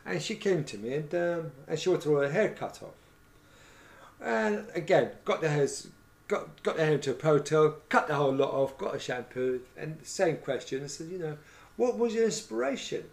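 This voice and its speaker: Chatting casually, a middle-aged man who worked as a hairdresser wanders from story to story about those years, frequently tossing in "right?" and "you know what I mean?". His voice is a little high and gravelly, expressive, and moderately paced.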